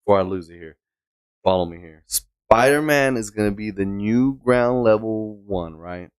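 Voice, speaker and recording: A man's voice: lowish voice, normal speed, smooth, no room sound. A man co-hosting a podcast in casual chat, rambling and laughing often. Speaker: podcast co-host.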